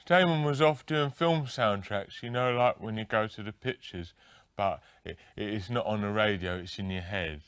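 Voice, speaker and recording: An actor playing a childlike, confused male rock guitarist who talks in slow, muddled thoughts in a comedy sketch interview. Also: lowish voice, a bit bright, clear, resonant tone, no echo, clean studio sound.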